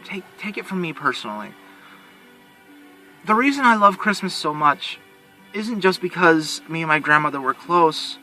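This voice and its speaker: A man's voice: fairly high pitch, bright, forceful tone. A man talking earnestly in a heartfelt personal vlog, rambling, with frequent restarts. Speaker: vlogger.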